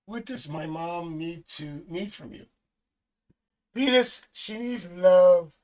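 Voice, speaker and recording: On his tarot live stream, a middle-aged psychic chats loosely, drifting into family anecdotes with plenty of laughter. His voice is a bit high for a man and a little mellow, with lively intonation and a slow pace, though the audio sounds dull and lo-fi.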